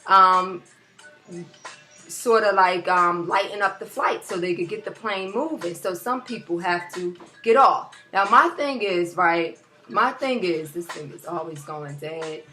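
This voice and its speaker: A woman vlogging a casual opinion rant into a laptop, animated and rambling with many restarts. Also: medium pitch. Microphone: laptop built-in mic.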